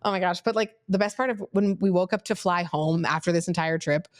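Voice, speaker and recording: A young woman, hosting a podcast and retelling a travel mishap in a lively, dramatic way with laughter. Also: lowish voice, a little fast, no room sound, clean studio sound. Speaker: podcast host. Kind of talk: casual storytelling.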